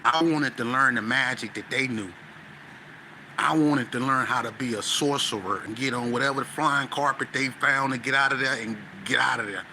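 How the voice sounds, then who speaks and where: A man, a podcast guest, tells a story in a lively, slangy way and acts out scenes with sound effects. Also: mid-range voice, moderate pace, a little hiss or hum. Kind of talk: animated storytelling.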